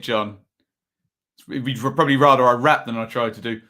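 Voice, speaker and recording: Chatting with viewers on a live football stream, a slightly tired man reads out chat messages and scores. He speaks at a normal speed with a steady, mid-range voice that has a sharp tone.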